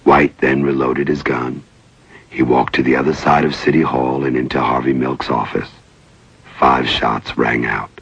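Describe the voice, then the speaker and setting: A man narrating a documentary in a grave, measured, scripted way. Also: a bass voice, flat delivery, slightly rough, dry recording. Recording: dull lo-fi dry recording.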